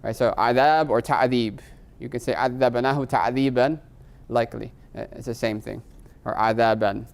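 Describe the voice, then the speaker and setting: A middle-aged man teaching Arabic grammar in a live class, his voice smooth and resonant at an ordinary pitch. He explains patiently, keeps checking in with his students, and slips Arabic terms into his English. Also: fairly even intonation, a little fast.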